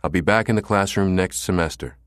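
Audiobook role: a man playing a wry, affectionate professor, deep voice, close and dry. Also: brisk, smooth, no echo, lightly acted. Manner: wry, gentle. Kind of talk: audiobook character reading.

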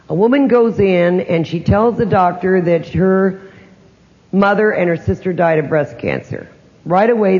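Gravelly older man lecturing in a hall. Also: high-pitched, darkish tone. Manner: conversational, asks the audience rhetorical questions. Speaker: psychic speaking to an audience. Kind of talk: lecture with personal stories. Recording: dull lo-fi recording in a reverberant hall.

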